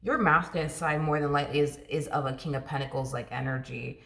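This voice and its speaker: A woman's voice: low-pitched, fast talker, vocal fry, a bit bright, echoey room. A woman giving a casual tarot reading, chatty and repetitive, with plenty of filler words. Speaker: tarot reader.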